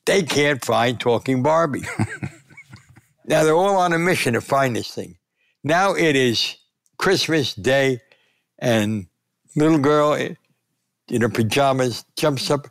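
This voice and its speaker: A man in his nineties, a veteran sports columnist, telling lively anecdotes in an interview. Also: medium pitch, a little slow, gravelly, no room sound. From United States. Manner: animated anecdote telling, voice rising for punchlines. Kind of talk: storytelling interview.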